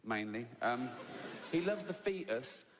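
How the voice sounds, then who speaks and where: A man's voice: medium pitch, animated, a little slow, a faint crowd, a little hiss or hum. A British man performing a live stand-up routine, sardonic and mocking, building to incredulous outbursts. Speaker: stand-up comedian. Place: large live venue with audience. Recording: live hall recording with audience ambience.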